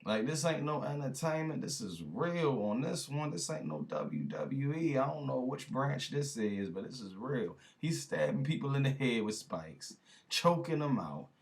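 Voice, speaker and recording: A man's voice: medium pitch, very animated, moderate pace, creaky. A man hosting a reaction video, talking casually and with disbelief, laughing now and then and speaking straight to his viewers in slang.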